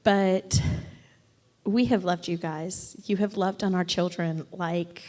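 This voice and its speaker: Mellow-voiced woman in a reverberant hall. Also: on the low side, steady tone. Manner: earnest, pauses to find words. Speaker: church member giving a farewell tribute. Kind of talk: heartfelt tribute speech. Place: church.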